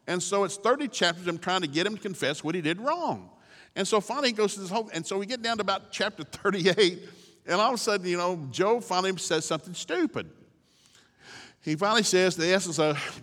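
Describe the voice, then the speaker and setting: A man's voice: high-pitched, animated, fast talker, fairly bright tone. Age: adult. Role: folksy man preaching. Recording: echoey hall. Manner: folksy, humorous storytelling, chuckling. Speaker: guest preacher. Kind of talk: sermon.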